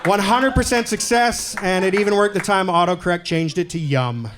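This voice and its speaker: A male stand-up comedian from Canada doing a set in a comedy club, deadpan and self-deprecating, with loud punchlines. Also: high-pitched, moderate pace, noisy background.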